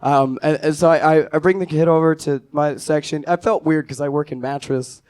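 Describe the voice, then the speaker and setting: A young man telling a stand-up story in a slightly higher-than-usual voice. His delivery is dry and offhand. He lets the punchlines fall low and quiet. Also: steady tone, a little fast, clear, resonant tone. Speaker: stand-up comedian.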